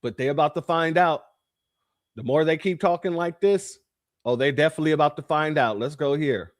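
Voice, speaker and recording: Talking to his chat in an emphatic commentary style, this livestream host has a voice that sits high for a man. His delivery is brisk, and he drives points home by repeating phrases and calling his viewers family.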